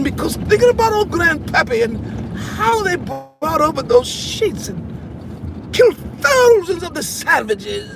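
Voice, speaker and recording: A man's voice: very high-pitched, noisy background, voice pushed up, heavily acted. A man voicing a pompous, wealthy descendant of colonizers who speaks grandly and gloats about his brutal ancestors. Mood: gleeful.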